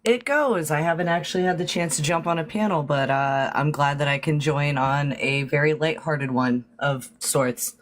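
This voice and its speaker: Woman with a very low voice. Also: normal speed, few pauses. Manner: relaxed, conversational, lighthearted. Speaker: guest caller telling a dating story. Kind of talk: casual storytelling on a live stream.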